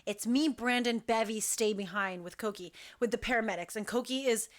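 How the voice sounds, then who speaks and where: A woman who directs a dance crew, telling an animated, chatty story full of "like" fillers. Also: a little high, fairly quick. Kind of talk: casual storytelling.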